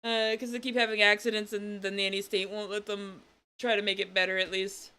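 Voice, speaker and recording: A woman with a bright, forceful voice, talking casually as a streamer reacts to a video. She laughs often, swears freely and lets out quick exclamations between her remarks. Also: medium pitch, flat delivery, smooth.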